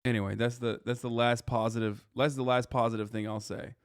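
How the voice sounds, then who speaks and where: A man's voice: medium pitch, flat delivery, a little fast, clear, resonant tone, no echo, studio quality. A man in his thirties reacting to a news video on a livestream, ranting heatedly and swearing often as he talks to his chat. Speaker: livestream commentator.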